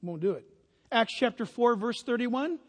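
High-voiced preacher man in a reverberant hall. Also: animated, normal speed. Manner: swings from hushed storytelling to loud fervent preaching. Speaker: pastor. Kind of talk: sermon. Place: church sanctuary.

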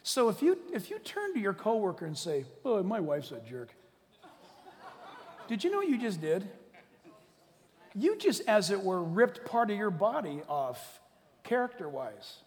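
A man preaching a sermon to his church, animated and joking, swinging between loud declarations and hushed asides. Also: sits high, normal speed, big-room sound. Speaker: pastor. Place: church hall.

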